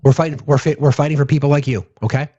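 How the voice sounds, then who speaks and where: A man's voice: on the high side, fairly even intonation, racing, mellow, no room sound. A man hosting a political call-in show, talking in an impassioned, profane, ranting way. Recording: dull, lo-fi, dry.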